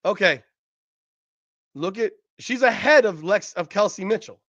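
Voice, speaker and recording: A man's voice: sits high, expressive, a little slow, fairly bright tone, dry recording, muffled recording. A man hosting a podcast, giving heated, profane sports commentary over game footage and repeating himself in disbelief. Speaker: podcast host.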